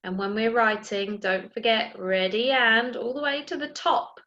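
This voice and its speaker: Woman teacher, fairly high voice, unhurried and clear, sounding out letters for small children; dull lo-fi recording. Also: sharp tone. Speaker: primary school teacher. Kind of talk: early years phonics lesson.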